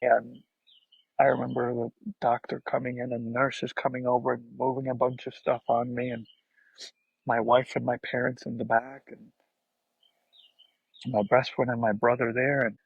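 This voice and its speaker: A man with a slightly high, gravelly and husky voice recounts something emotional and personal while guesting on a podcast. He speaks softly and haltingly with little pitch movement, frequently starting sentences over. The audio is dry and dull, like a muffled remote recording.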